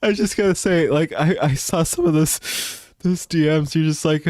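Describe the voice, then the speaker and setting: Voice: medium pitch, moderate pace, few pauses, darkish tone, no echo. A co-host in casual chat who laughs a lot and banters teasingly.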